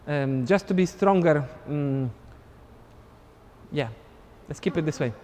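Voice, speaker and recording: A man's voice: on the high side, slow, a little mellow, in a large hall. A man teaching a live online dance class, counting beats and scatting the steps aloud as he demonstrates. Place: dance studio.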